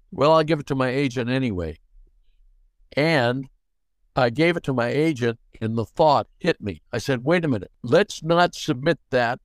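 Older male storyteller, lively, voices each character, dry close sound. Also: mid-range voice, no room sound. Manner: animated, acts out dialogue in quotes. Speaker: guest actor. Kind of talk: anecdotal storytelling.

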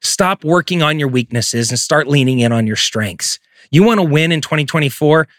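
A man's voice: a little high, lively intonation, normal speed, no echo, studio quality. A man giving a profane, emphatic motivational talk as a real estate coach. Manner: intense, profane, emphatic delivery.

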